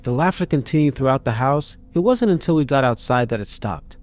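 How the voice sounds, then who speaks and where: A man's voice: medium pitch, animated, fairly quick, a little mellow. A man narrating a first-person horror story in a tense, dramatic reading.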